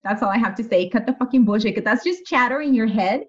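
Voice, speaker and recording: A woman's voice: on the high side, expressive, quick pace. Candid, emphatic woman guest, lo-fi sound. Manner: candid, emphatic, laughs easily, swears. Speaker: podcast guest, health and nutrition coach. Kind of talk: casual interview chat.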